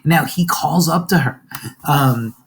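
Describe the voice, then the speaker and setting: A man's voice: on the high side, takes it slowly, gravelly, breathy edge. A man teaching a class by video, speaking casually with many fillers and reading quoted verse aloud with a lift in his voice. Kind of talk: lecture video retelling a play.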